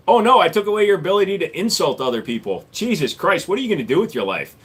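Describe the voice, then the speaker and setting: A man's voice: sits high, big pitch swings, fast talker, few pauses, fairly bright tone, slightly rough. A man in his forties, born in Korea, hosting a casual live stream and answering chat questions in a blunt, sarcastic way. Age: 40s. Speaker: livestream host.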